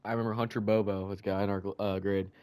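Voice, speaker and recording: Young man, low voice, relaxed podcast storytelling, self-mocking. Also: fast, smooth. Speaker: podcast co-host. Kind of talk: casual storytelling chat.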